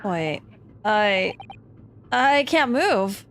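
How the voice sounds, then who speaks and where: A woman's voice: medium pitch, sing-song, extremely slow, a bit bright, voice pushed down, full character voice. A woman voicing a dazed young male lawyer, groggy and bewildered.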